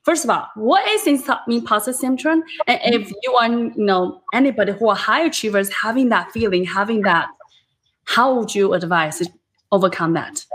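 Woman host, high voice, excitable chat over a video call, swears freely. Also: moderate pace. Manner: animated, exclaiming, casual swearing. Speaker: podcast host. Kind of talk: casual interview chat.

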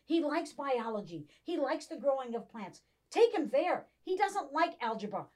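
A middle-aged woman chatting casually, telling animated stories and acting out quoted voices. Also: sits high, moderate pace. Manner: animated storyteller, acts out quotes. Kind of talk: casual chat.

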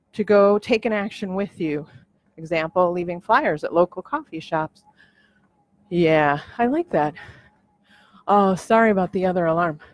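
A woman's voice: medium pitch, dry recording. Chatty emotional woman rambling to her viewers, gets all worked up, super dry sound. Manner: excitable, emotional, rambling with many restarts. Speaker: podcast host. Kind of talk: casual vlog monologue. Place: at home on a treadmill.

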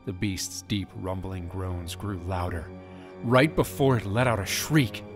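A man narrates an audiobook in a dramatic storytelling manner. His voice sits on the low side. Faint music plays quietly beneath his reading. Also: a little slow. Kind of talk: scripted narration.

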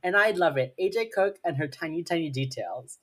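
Here the woman's voice is low and slightly rough, moving a little fast with lively intonation. She co-hosts a podcast, chatting through a TV episode recap in a playful way, swearing often and leaning heavily on "like."

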